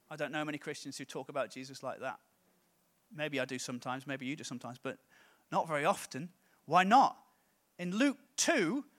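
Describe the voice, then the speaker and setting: A man's voice: sits high, fairly bright tone. A man, a comedian preaching a comic sermon in a playful, self-mocking way.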